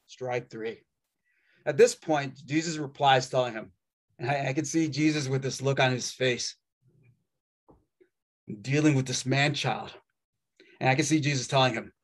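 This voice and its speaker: A man delivers a sermon with a slightly higher-than-usual voice. He preaches in a wry, conversational way, leaning on dramatic pauses and dry asides.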